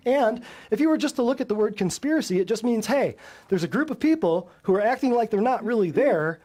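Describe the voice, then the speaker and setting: A man's voice: high-pitched, animated, fairly quick, warm tone. A man hosting a natural health show, lecturing a live audience bluntly and emphatically, often firing rhetorical questions at his listeners. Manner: blunt and combative.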